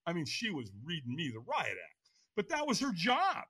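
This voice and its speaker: A man in his sixties, a podcast guest, frankly telling his own story in an animated way and acting out the voices. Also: high voice, normal speed, husky, dry recording. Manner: animated, acts out voices and inner dialogue; frank, casual speech. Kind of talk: personal storytelling in an interview.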